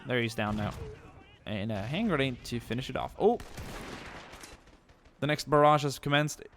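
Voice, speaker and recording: A man's voice: medium pitch, expressive, normal speed, a little hiss or hum. A young man giving joking, rambling commentary over a war game. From Sweden. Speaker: gameplay commentator. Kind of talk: gameplay commentary. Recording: game battle sounds loud behind. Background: gunfire and artillery from the game.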